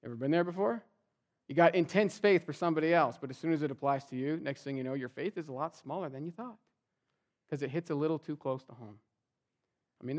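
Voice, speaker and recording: Conversational pastor preaching a sermon. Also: male voice, a little high, darkish tone. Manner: conversational preaching, acts out quoted voices.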